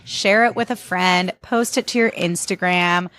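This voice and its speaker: A woman's voice: fairly low pitch, measured pace, a bit bright, no room sound. Blunt, sarcastic woman podcast host. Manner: blunt, sarcastic, swears freely. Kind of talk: casual podcast chat.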